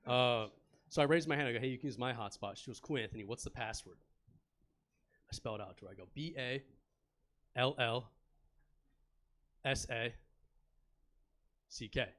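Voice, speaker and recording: A young man performs stand-up at a comedy club, speaking into a handheld mic. His voice sits at a middle pitch and his delivery is loose and chatty. He tosses easy banter at the audience between stories. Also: moderate pace, long pauses, fairly bright tone. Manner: laid-back, chatty, banters with the crowd.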